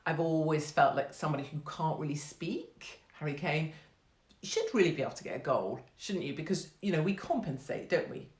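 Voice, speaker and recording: An English woman with a deep voice talks animatedly and fairly quickly in a casual monologue on her own live-stream show. Her patter is brash, sarcastic and profane, and she laughs at her own jokes, recorded on a phone mic with roomy echo.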